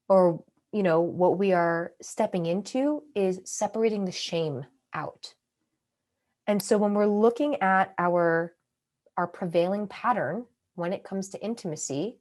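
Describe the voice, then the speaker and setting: A woman coaching a group on a call, speaking calmly and reflectively, sometimes acting out her own inner thoughts. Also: medium pitch. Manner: calm, reflective, acts out inner monologues.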